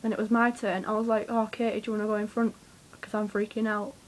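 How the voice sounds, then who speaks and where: A young woman, telling a rambling, excitable story to camera, swearing freely and with lots of fillers. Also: mid-range voice, quick pace, a little hiss or hum, low-quality recording. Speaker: vlogger.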